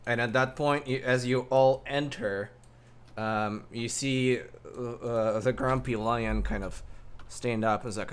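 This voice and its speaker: A man narrating a tabletop role-playing game as game master, in an animated way with frequent fillers. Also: medium pitch, a little slow, smooth.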